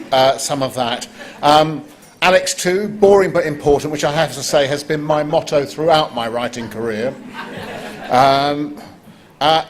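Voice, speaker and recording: Wry compere, bright voice. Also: male voice, fairly high pitch. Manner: wry, joking, bursts into excited exclamations. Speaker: competition host. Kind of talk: live event compering. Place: conference stage before an audience.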